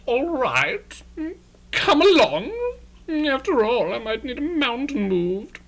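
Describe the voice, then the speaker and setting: A cold, commanding loner hero voiced by a woman in a fan-dub adventure. The voice is high and lively, and the pace is slow and deliberate. Lines come out as clipped orders or grand narration. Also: full character voice, low-quality recording. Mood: curt.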